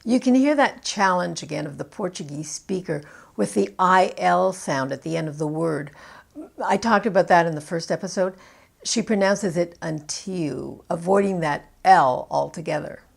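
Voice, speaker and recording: A woman with a Canadian accent, a pronunciation coach giving instructional commentary and modeling words slowly and clearly. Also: lowish voice. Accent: Canadian English.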